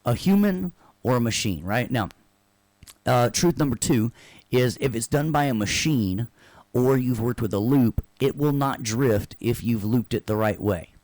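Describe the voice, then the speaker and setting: A man's voice: mid-range voice, lively intonation, a little slow, darkish tone, no room sound. Dry-voiced man teaching a casual class. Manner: checks in with frequent "right?" tag questions; loose and joking, with sarcastic asides. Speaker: instructor. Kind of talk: casual online class lecture.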